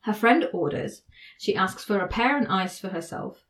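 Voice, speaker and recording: A woman's voice: medium pitch, expressive, moderate pace, slight background noise. A woman hosting a podcast, chatting casually and laughing often as she explains legal cases. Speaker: podcast host.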